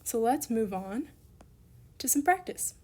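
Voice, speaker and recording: Young woman with a fairly high voice, upbeat teacher walking through examples, corrects herself and moves on. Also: sing-song, a little slow, a little mellow. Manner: upbeat, encouraging, talks through worked examples; self-correcting, casual asides. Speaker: Greek language teacher. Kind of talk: recorded online lesson.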